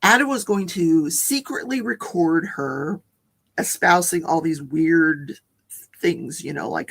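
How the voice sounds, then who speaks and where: A woman's voice: low voice, slow, creaky, husky. A woman hosting a casual livestream, chatting about a court case, laughing often and greeting viewers in the chat. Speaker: livestream host.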